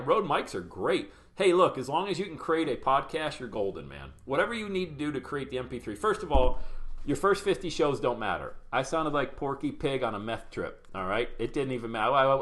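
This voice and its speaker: Energetic man coaching a live webinar. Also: medium pitch. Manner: energetic, chatty, greets viewers by name. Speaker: podcast coach.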